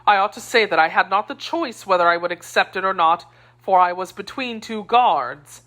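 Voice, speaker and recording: A woman's voice: mid-range voice, normal speed, bright, forceful tone, lightly acted. A woman voicing a self-important, timid middle-aged male mercer in an audiobook reading, proud and defensive. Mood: pompous.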